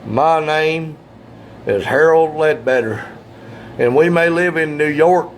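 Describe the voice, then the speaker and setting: A man voicing a cocky, prissy older husband raised in Arkansas, who announces himself slowly and proudly. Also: fairly high pitch, a little hiss or hum.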